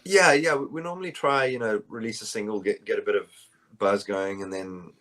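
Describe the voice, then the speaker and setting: A man with a South African accent talks through his answers casually, circling back with fillers and restarts. His voice sits fairly low. He is calling in to the interview by phone. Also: a little fast, a bit bright. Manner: rambling, many fillers and restarts. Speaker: bassist, interview guest. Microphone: phone call.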